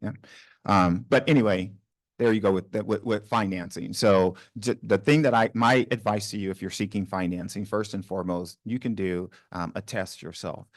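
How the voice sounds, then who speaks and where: A man with a Southern accent from New Orleans talks to a panel audience in a loose, conversational way. His voice sits very low. The sound is close and dry. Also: fairly even intonation, normal speed, dry recording. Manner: conversational, asks the room questions, many ums and restarts. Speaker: panel speaker on small business financing. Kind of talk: informal panel talk to a live audience. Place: university event room.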